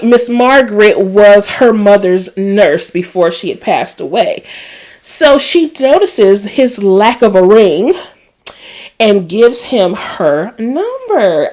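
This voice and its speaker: A woman hosting a casual TV episode recap, chatty and emotional, with a Black lilt. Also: medium pitch. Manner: chatty and animated, emotional asides. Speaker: recap host.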